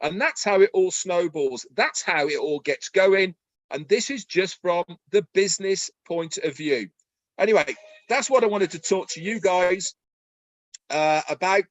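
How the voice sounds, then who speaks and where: A man presenting on a promotional webinar, talking in an excited, pitching way over a video call. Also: unhurried, no room sound.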